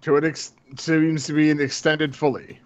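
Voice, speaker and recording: Guy player, slightly high voice, says what he does plainly, muffled audio. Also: level tone, normal speed. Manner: short, matter-of-fact declarations of actions. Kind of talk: casual tabletop play. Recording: dull lo-fi sound.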